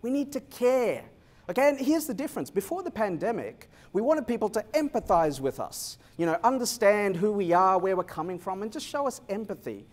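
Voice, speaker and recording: A middle-aged man giving a live keynote talk, telling stories with quick jokes. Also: high voice. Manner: energetic storytelling with quick jokes. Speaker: keynote speaker.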